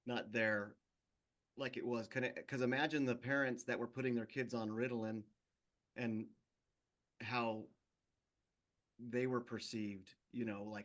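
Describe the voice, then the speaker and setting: A man's voice: mid-range voice, fairly even intonation, a little slow, long pauses, a bit bright. A man in a casual group talk, asking questions hesitantly with many fillers. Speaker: podcast co-host.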